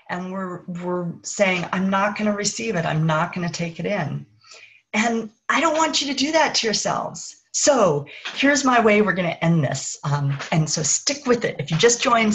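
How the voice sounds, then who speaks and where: A woman speaking as a parenting coach on a live stream, earnest and encouraging, slowing to soothing affirmations. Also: mid-range voice, a bit bright. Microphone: webcam or phone for a live stream.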